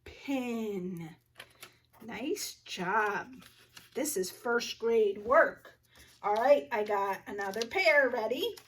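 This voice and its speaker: A first grade teacher, a woman, leading a phonics lesson for young children and sounding out words slowly, with little gasps of discovery. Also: a little high, lively intonation, a bit bright, recorded from a distance, a little hiss or hum.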